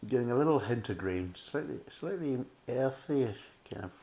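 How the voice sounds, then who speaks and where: A man's voice: medium pitch, animated, moderate pace, warm tone. A man giving a casual, methodical beer tasting review, full of "kind of" fillers.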